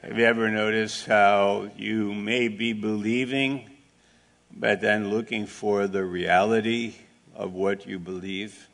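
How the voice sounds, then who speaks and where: A man preaching a sermon at an unhurried, measured pace, with a gravelly, fried edge to his voice. He asks his listeners questions and chats plainly with them between points. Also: fairly low pitch, a bit bright. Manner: slow, deliberate preaching with rhetorical questions; plain-spoken, with asides and audience back-and-forth. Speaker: pastor.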